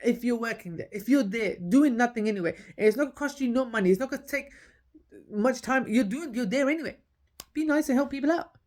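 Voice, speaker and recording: A woman's voice: on the high side, animated, fast, darkish tone. A woman, telling her own story in a casual podcast monologue. She talks emphatically, repeats her key points, and acts out the dialogue.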